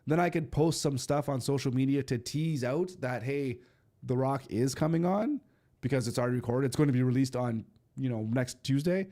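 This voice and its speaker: A man's voice: medium pitch, moderate pace, mellow. Man, stuffy nose, casual livestream host, rambling, filler-heavy. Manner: rambling, loose, with many fillers and restarts. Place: home studio in eastern Canada.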